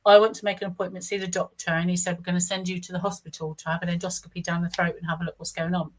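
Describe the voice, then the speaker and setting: A woman's voice: on the low side, flat delivery, very fast, poor audio. A middle-aged woman, telling her own experience in a rambling, casual way, restarting sentences and acting out what others said. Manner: rambling, restarts often, acts out quoted speech. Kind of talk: casual first-person storytelling.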